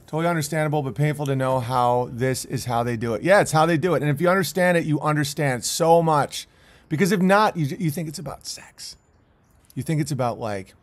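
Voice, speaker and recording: A man's voice: fairly high pitch, expressive, brisk. A man commentating on video clips in a rambling, intense way, with many restarts.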